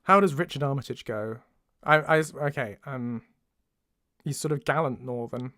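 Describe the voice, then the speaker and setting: This man from Surrey, England, has a Southern English accent and a medium-pitched, bright, forceful voice at a moderate pace. An audiobook narrator and author, he chats casually while recording during a livestream, tries out voices, and teases himself about his accent attempts. The studio sound is clean, with no echo.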